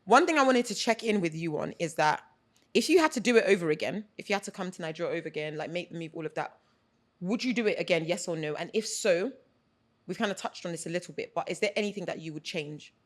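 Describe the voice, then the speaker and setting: A woman's voice: on the low side, fast. A woman from the UK with a London accent, hosting a casual podcast chat and talking emphatically with lots of repetition. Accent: British (London). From United Kingdom. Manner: emphatic, animated storytelling with repetition. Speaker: podcast host.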